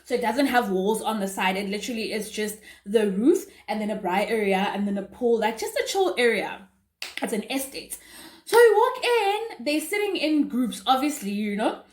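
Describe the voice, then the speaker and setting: Young South African woman, YouTuber, chatty storytime delivery, high voice, roomy echo. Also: moderate pace. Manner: chatty and animated, with asides to viewers. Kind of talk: casual storytime.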